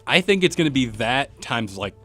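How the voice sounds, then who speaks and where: A man's voice: medium pitch, very animated, moderate pace, fairly bright tone, soft background music. A man hosting a podcast, chatting casually and laying out his points at length. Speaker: podcast host. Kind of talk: casual chat.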